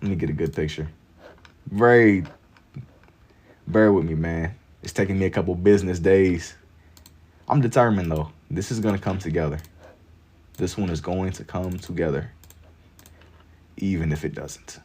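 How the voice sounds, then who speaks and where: A young man with a very low voice chats at his own easy pace, the rhythm of his speech plain throughout. He reads viewers' comments aloud and replies while he draws, relaxed and joking. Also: moderate pace, long pauses. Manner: laid-back, reads and answers chat while drawing. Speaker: livestream artist. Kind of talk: casual livestream chat.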